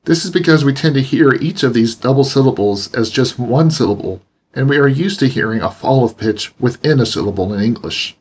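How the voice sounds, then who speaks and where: A man teaching a language lesson, explaining pronunciation slowly and deliberately. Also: mid-range voice, animated, breathy edge, dull audio. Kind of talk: instructional narration.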